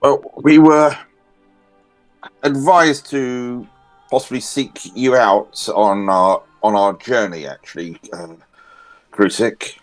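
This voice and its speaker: A man playing a tabletop role-playing game, speaking in character, halting and polite. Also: medium pitch, fairly even intonation, soft background music, low-quality recording. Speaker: player.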